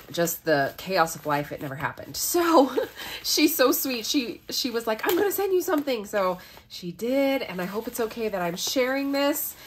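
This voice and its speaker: A woman chats her way through a home crafting vlog at her craft table. Her voice sits at an ordinary middle pitch. She gushes freely and fills pauses with casual fillers. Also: a bit bright, a little hiss or hum. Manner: chatty and gushing, with frequent fillers. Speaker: crafting vlogger.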